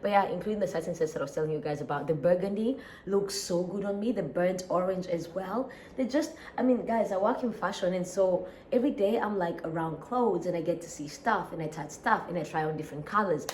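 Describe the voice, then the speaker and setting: A sleepy woman with an East African accent rambles through a relaxed daily vlog. Her voice sits low and mellow, soft rather than bright. A faint hum of room ambience lies under it. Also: a little fast, few pauses. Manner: relaxed, rambling, sighs and laughs often. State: sleepy and tired. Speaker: daily vlogger. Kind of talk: casual chat.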